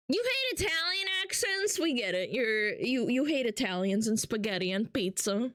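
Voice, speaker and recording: Playful, high-voiced woman streamer. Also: moderate pace, few pauses, no room sound, studio quality. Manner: playful, excitable, jokey. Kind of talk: casual livestream chat.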